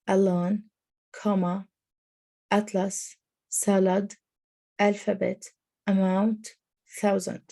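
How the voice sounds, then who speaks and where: A woman student reads a list of words in a flat, steady tone. Her voice is mellow and her pace is slow. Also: mid-range voice. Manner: even, steady word list reading.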